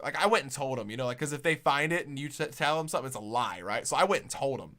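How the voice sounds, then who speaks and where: A man's voice: on the high side, lively intonation, quick pace, sharp tone. A young man hosting a casual podcast, telling rambling, sweary stories with lots of animation. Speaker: podcast host.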